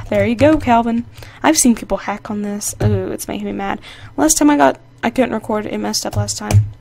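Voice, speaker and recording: A woman hosting her own gaming channel, giving casual, excitable, playfully sassy commentary while she plays. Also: mid-range voice, gravelly. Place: indoor home setup. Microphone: desk microphone.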